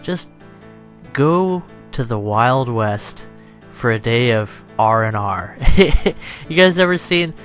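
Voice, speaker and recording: A man's voice: mid-range voice, animated, takes it slowly, a bit bright, soft background music. A tired young man chatting over gameplay as a channel host, rambling and self-deprecating, laughing often.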